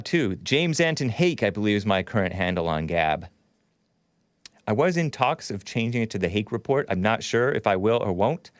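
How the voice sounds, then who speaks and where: Smooth-voiced rambling male streamer. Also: lowish voice, dry recording, clean studio sound. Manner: rambling, spells out names letter by letter. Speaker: show host. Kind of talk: casual livestream commentary.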